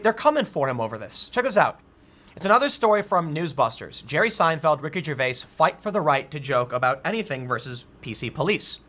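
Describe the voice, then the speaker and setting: Bright-voiced man riffing on the news. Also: a little high. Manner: animated, reads out articles then riffs with restarts. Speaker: political commentator. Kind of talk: solo news commentary.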